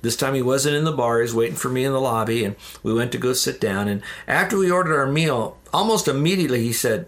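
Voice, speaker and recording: A man's voice: medium pitch, quick pace, hardly any pauses, a bit bright. A man, a ministry leader, earnestly telling a personal faith story in an interview. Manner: earnest, addresses listeners as "dear ones".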